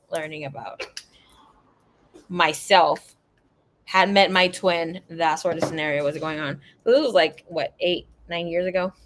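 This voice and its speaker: Laughing, animated woman tarot reader. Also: on the low side, a little hiss or hum. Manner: animated, laughing, swearing, acts out quotes. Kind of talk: casual storytelling chat.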